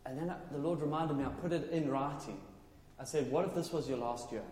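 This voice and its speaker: A man preaching a sermon with loud, passionate, exclaiming delivery. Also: on the high side, fairly quick, slight background noise. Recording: echoey hall, faint ambience.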